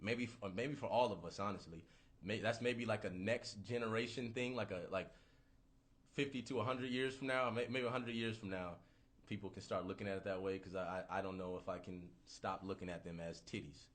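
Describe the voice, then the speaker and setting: A man in his thirties ranting casually on a livestream, profane, rambling and animated. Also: on the low side, brisk. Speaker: livestream host.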